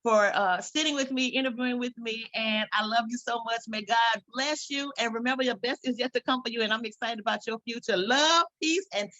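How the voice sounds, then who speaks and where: A woman's voice: on the high side, fairly even intonation, brisk, few pauses. A woman hosting a faith radio interview, affirming and encouraging her guest. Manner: warm encouraging, affirming responses. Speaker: radio host.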